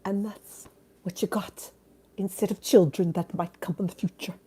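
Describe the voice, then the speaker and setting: A woman's voice: mid-range voice, fairly even intonation, moderate pace, mellow, breathy edge, pitched above the performer's own voice, lightly acted. A woman putting on an Irish accent to voice a blunt, teasing Irish man in a comic aside. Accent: put-on Irish.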